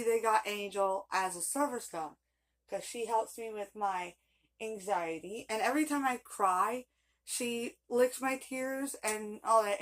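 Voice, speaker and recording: A woman telling a long personal story in a casual vlog, rambling and chatty with frequent laughs. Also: a little high. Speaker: vlogger.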